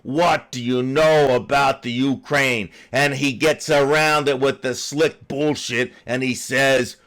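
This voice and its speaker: A man's voice: medium pitch, fairly even intonation, slow pace, hardly any pauses. A middle-aged man with a Philadelphia accent, ranting angrily about politics and swearing in nearly every sentence. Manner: swears constantly, grows heated and shouting. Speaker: political commentary host. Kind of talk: angry profane rant.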